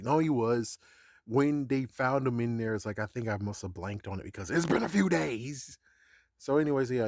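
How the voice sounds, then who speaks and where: A man's voice: medium pitch, no room sound, studio quality. A man giving a casual episode recap, chuckling often and swearing in a sarcastic, offhand way. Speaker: show recap vlogger.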